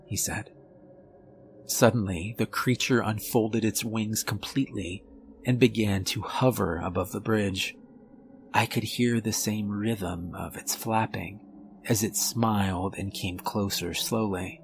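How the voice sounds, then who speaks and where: Slow, low-voiced man narrating horror. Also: steady tone, a little hiss or hum. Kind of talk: scripted horror story narration.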